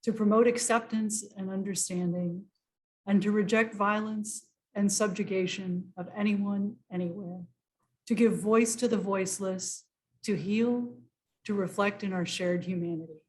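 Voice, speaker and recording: A woman interviewer closing a conversation in a measured, formal way. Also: medium pitch, steady tone, a little mellow, poor audio. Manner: measured and formal, reading out quotes.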